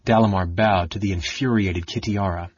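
A man with a low, husky voice reading a fantasy audiobook in a steady storytelling manner. The recording sounds dull and dry. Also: normal speed, no room sound. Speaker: audiobook narrator.

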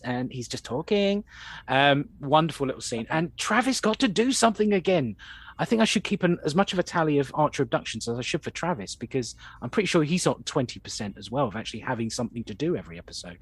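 A man's voice: a little high, sing-song, fast, husky, no room sound. Man, dry close voice. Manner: chatty storyteller with anecdotes. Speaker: podcast co-host. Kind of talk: casual chat reviewing an episode.

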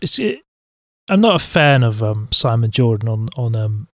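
A man's voice: medium pitch, big pitch swings, moderate pace, no echo, clean studio sound. A man co-hosting a podcast, chatting in a blunt, jokey way, often trailing off and repeating himself. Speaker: podcast co-host. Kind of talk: casual chat.

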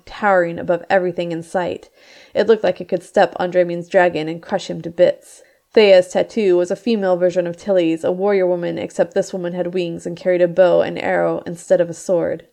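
A woman with a low, gravelly voice reads her own novel aloud in the first person. Her delivery is measured, and she lifts her voice when the characters cry out. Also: a little mellow. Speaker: author reading her book. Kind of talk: audiobook-style narration.

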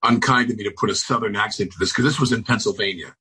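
A man on a video call from home, chatting as a talk show guest, halting and restarting often, with dry sardonic humor. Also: lowish voice, pushed and bright, husky, rough recording. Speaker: celebrity guest. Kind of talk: casual interview chat. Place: home on Long Island.

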